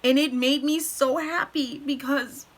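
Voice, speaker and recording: A woman recapping a cartoon episode in a casual vlog, tearful and emotional, pausing to collect herself between quick excited bursts. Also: high-pitched. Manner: tearful, breaks off to compose herself; animated retelling with quick bursts. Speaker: vlogger.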